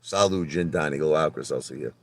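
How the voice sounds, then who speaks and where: A man with a Brooklyn New York accent, talking in a casual livestream rant from his car, animated and profane, swinging from loud outbursts to low muttering. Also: fast talker, gravelly. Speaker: livestream host.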